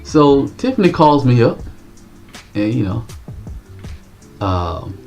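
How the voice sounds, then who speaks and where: A man's voice: medium pitch, big pitch swings, slow pace, vocal fry, music in the background. A man co-hosting a livestream talk show, telling a rambling, profane story in laid-back slang. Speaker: co-host.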